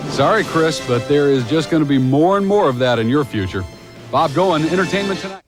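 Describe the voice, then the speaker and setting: A man's voice: a little high, animated, brisk, music in the background. Playful male entertainment reporter. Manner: playful, teasing.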